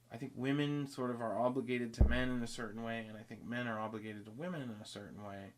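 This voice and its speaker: A man telling a long story in casual podcast chat, rambling and restarting, acting out both sides of the conversation. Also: on the low side. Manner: rambling, self-interrupting, acts out both sides of dialogue.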